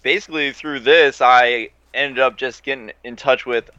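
A man in casual chat, talking in a relaxed, profane and slightly hesitant way. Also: mid-range voice, normal speed, clear, resonant tone, dry recording, muffled recording.

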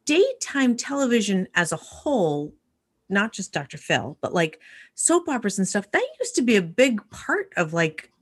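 A woman's voice: medium pitch, very animated, moderate pace, husky. A woman on a talk panel, wry and chatty, peppering her speech with "like". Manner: wry, uses many fillers like "like". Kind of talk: casual panel chat.

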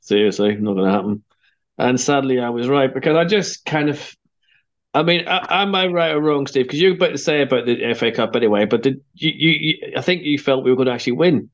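A man's voice: mid-range voice, fairly quick, lo-fi sound. A man with a Northern Irish accent hosting a casual football podcast, wry and self-deprecating as he chats with guests. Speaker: podcast host.

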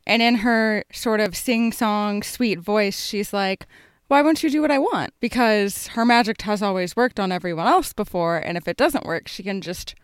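Smooth, dry co-host voice. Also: mid-range voice, moderate pace, hardly any pauses, no echo. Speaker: podcast co-host. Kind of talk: casual chat.

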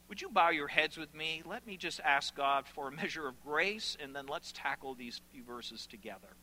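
A man's voice: fairly high pitch, lively intonation, normal speed, hardly any pauses, pushed and bright, rough recording. A middle-aged man, a pastor, preaching a sermon in a church auditorium with earnest, passionate emphasis.

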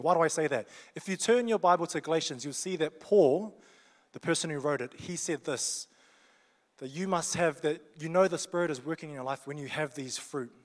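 A young man with a New Zealand accent preaching a sermon in a joking, conversational, down-to-earth way. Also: a little high. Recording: long reverb of a large hall.

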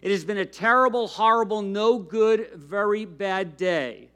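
A man's voice: high voice, a little slow, fairly bright tone. A man reading a storybook aloud in the voice of a whiny, grumpy little boy who feels sorry for himself. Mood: aggrieved.

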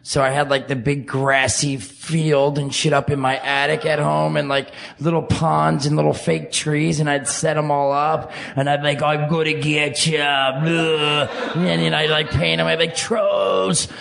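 A man's voice: on the high side, flat delivery, normal speed, creaky, few pauses, a bit bright. A man chatting loosely and cheerfully into a mic, laughing as he talks. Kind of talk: casual podcast chat. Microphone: studio mic.

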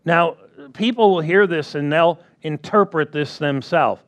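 A man's voice: a little high, a little slow, a bit bright. A man preaching a sermon who repeats his key phrases and keeps asking the congregation for agreement.

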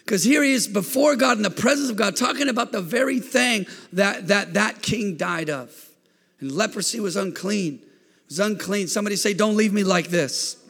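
A male pastor preaching fervently, his high, bright voice rising to shouts as he calls on the congregation to respond. The tone is gravelly and a little husky. His words ring out with a long reverb through the church sanctuary. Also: moderate pace. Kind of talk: sermon.

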